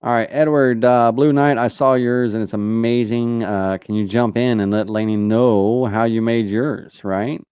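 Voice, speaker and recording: A man's voice: mid-range voice, steady tone, a little slow, few pauses, smooth, no room sound, dull audio. A man with a Southern US accent hosting a live question-and-answer tutorial, talking casually with many fillers like "uh" and "you know". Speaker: host answering viewer questions.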